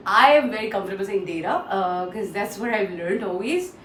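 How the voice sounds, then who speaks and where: A woman trainer walks through word pronunciations and repeats each one for drill. She pauses often with "uh". Her voice sits slightly off-mic in a roomy space with a faint hiss behind it. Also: mid-range voice, expressive, a bit bright, distant mic. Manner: frequent "uh" fillers. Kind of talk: online pronunciation lesson.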